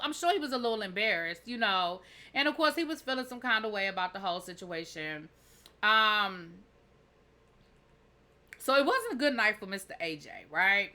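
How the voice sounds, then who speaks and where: A woman's voice: medium pitch, pushed and bright. A woman recapping a TV episode in a chatty, sassy way, full of asides. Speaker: TV show reviewer.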